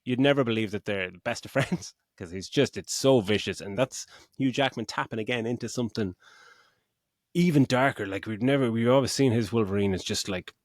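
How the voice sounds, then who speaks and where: A man's voice: medium pitch, a little fast, no room sound, clean studio sound. A middle-aged man co-hosting a podcast, chatting animatedly about a film, swearing freely and acting out quotes. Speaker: podcast co-host. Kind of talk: casual film chat.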